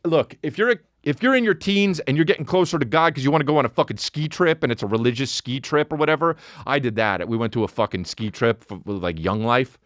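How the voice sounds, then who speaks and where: A man hosting his podcast as a comedian, ranting in an animated, profane way with sudden high mocking outbursts. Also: quick pace, hardly any pauses, dry recording, studio quality. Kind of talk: comedic rant.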